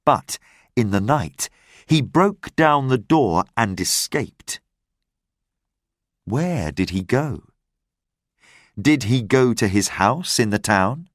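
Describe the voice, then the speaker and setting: A man narrating a simple graded reader story in a clear, careful way. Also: mid-range voice, expressive, dry recording, clean studio sound. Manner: slow, clear, carefully paced reading.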